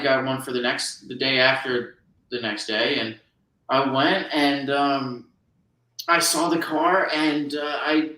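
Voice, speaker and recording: Brief: rambling guy from New Jersey, bright tone, echoey room. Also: medium pitch. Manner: rambling, full of restarts and fillers. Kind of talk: casual chat.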